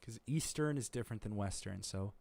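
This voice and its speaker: A man's voice: fairly low pitch, brisk, vocal fry, a little mellow, dry recording. A man streaming, chatting casually in a rambling, thinking-aloud way full of fillers. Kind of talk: casual chat.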